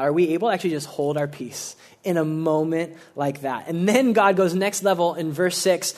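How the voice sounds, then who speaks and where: A man's voice: on the high side, normal speed, hardly any pauses. A young man preaching a sermon in a casual, conversational way, often saying "like" and acting out the people he quotes. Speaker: pastor.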